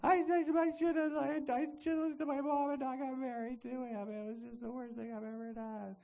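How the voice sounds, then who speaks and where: A man's voice: very high-pitched, flat delivery, fairly quick, gravelly, dark tone, voice pushed up. A man voicing a self-pitying middle-aged wife who complains in a whiny, helpless way.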